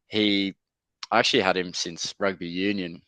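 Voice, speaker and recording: A man's voice: sits low, flat delivery, moderate pace, bright, forceful tone, clean tone, dry recording. A young man, a rugby league player telling stories in a casual podcast interview, chatty and easygoing with lots of fillers. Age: young adult. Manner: laid-back, chatty, lots of fillers and mates' slang.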